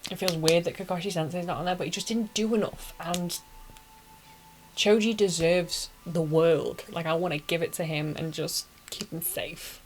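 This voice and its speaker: A woman's voice: fairly low pitch, steady tone, normal speed, soft background music, poor audio. A woman casually retelling an anime story as a reviewer, emotional and gushing, with dramatic little asides.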